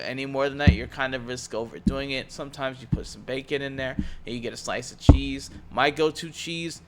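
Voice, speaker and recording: A man's voice: medium pitch, noisy background. Rambling, cussing young guy streamer. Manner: rambling, profane, laughs easily. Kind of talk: casual stream chat.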